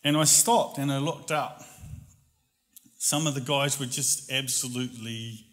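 A man telling a personal story in a casual, animated way, laughing often and acting out voices. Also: medium pitch, measured pace.

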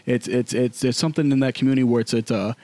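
A man's voice: medium pitch, steady tone, quick pace, a little mellow, no room sound. A man in his thirties, a podcast co-host, telling candid stories in casual chat full of slang. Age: 30s.

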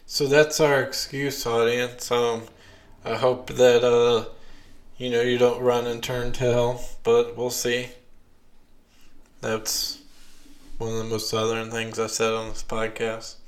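A young man hosts a casual podcast chat with his wife, speaking slowly and hesitantly with many ums. His mid-range voice has a completely flat delivery, and the room sounds echoey.

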